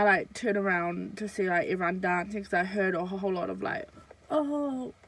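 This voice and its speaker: A young woman talks straight to her viewers in a loose storytime chat. Her voice sits at a middle pitch, and she rambles through fillers and curses as she goes. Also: fairly bright tone, low-quality recording. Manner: chatty, full of fillers and swearing. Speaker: vlogger.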